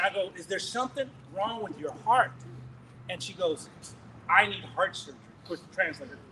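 A man preaching, telling a testimony in an animated, rambling way with laughs and restarts. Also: high-pitched, slight background noise, rough recording. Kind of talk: sermon testimony storytelling.

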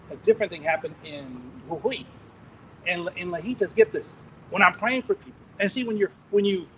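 A man preaching, telling a testimony in an animated, rambling way with laughs and restarts. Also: sits high, a little hiss or hum, rough recording. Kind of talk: sermon testimony storytelling.

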